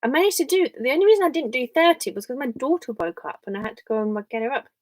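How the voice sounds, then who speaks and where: A woman's voice: high-pitched, lively intonation, rapid-fire, a little mellow, dry recording, rough recording. A young English woman chatting casually on a live stream from her home office, rambling and thinking aloud as she reads viewer comments.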